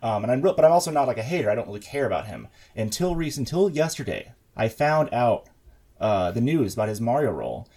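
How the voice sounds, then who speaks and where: A young podcast co-host chats casually, rambling with lots of fillers and restarts. His mid-range voice is mellow but very animated, and he talks fast.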